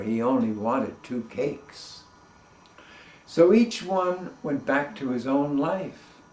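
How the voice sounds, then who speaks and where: A man who works as a storyteller, narrating a children's folk tale in a playful, expressive way. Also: mid-range voice. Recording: roomy echo.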